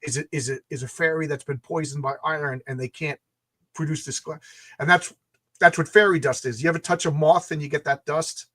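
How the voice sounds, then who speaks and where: A man's voice: on the high side, fairly even intonation, fairly quick, a bit bright, no room sound. A man hosting a casual conversation, talking in an enthusiastic, rambling way with many restarts. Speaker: podcast host.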